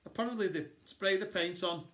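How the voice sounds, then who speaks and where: Guy reading a kids book out loud, fun and lively, bit higher voice, roomy echo. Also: a little fast. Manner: playful, expressive storytelling. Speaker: teacher reading a story. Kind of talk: reading a children's novel aloud. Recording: echoey room.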